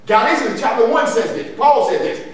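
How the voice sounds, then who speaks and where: Emphatic pastor, lively high voice, echoey room. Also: male voice, brisk. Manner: emphatic, repeats phrases, laughs between points. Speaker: pastor leading a Bible lesson. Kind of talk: call-and-response church teaching. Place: church sanctuary. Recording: echoey room from far off, some noise.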